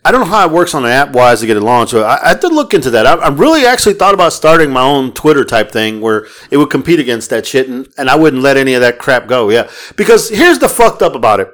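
A man's voice: mid-range voice, big pitch swings, quick pace, few pauses, a bit bright. A man co-hosting a podcast in casual chat, ranting with heavy profanity. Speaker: podcast co-host.

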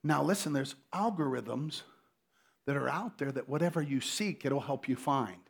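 A middle-aged man preaching a lively sermon in a church, joking and repeating phrases, swinging between hushed asides and shouts. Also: medium pitch, moderate pace, vocal fry, slightly rough. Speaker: pastor. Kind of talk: energetic sermon.

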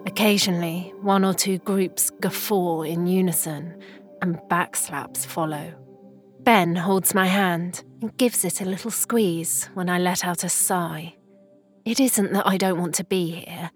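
A woman reading a poem and a short story aloud in a soft, solemn storytelling manner. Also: on the low side, fairly even intonation, measured pace, faint music behind. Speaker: reader of poems and stories. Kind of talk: slow literary reading.

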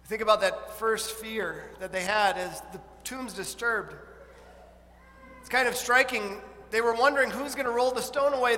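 A pastor with a high, bright voice preaches to his congregation, telling stories with lively expression. The sound rings with a long hall reverb, and a faint hum of room ambience sits behind him. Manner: animated storytelling, acting out a scared child. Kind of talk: sermon. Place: church.

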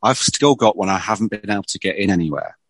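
Brief: deep-voiced screenwriter, chatty storyteller, dry close sound. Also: male voice, quick pace, a bit bright, dry recording, poor audio. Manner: chatty storyteller, many restarts. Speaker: screenwriter guest. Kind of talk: casual conversation.

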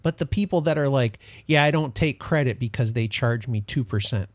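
A man co-hosting a casual podcast, telling stories in an animated, exasperated way. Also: mid-range voice, brisk, no room sound. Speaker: co-host.

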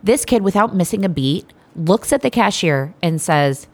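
Woman co-host, thirties, lowish voice, crude and lively storyteller. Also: moderate pace. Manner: animated, profane storyteller. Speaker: podcast co-host. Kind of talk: casual crude chat.

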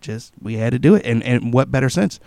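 A young man in casual chat, telling profane, animated stories and acting out what people said. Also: mid-range voice, a little fast, gravelly, dry recording, studio quality. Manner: profane, animated storytelling with acted-out quotes.

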